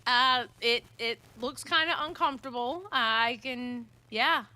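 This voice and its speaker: Teasing, bright woman caller. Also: fairly high pitch, a little slow. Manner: teasing, playful. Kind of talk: casual chat.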